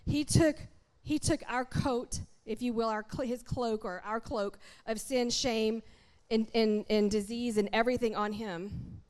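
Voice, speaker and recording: A woman preaching a sermon in a church, talking straight to the congregation in an animated, conversational way. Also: on the high side, measured pace, few pauses.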